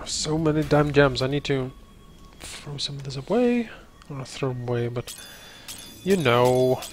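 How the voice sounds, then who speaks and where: A man's voice: mid-range voice, normal speed, a little hiss or hum. A man co-hosting a let's play, chatting casually and rambling into playful jokes. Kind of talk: casual gaming chat.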